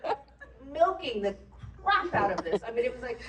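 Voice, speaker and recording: A woman's voice: on the high side, normal speed, far from the mic, slight background noise. A woman actor on a convention panel, telling behind-the-scenes stories and laughing as she goes. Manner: animated, laughing while telling anecdotes. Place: convention hall panel, heard from a distance.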